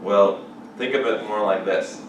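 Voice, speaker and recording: A man giving a lively chapel sermon, rising often to excited exclamations, recorded from a distance in a large chapel. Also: on the low side, a little slow. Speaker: chapel speaker. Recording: echoey hall from far off, background noise.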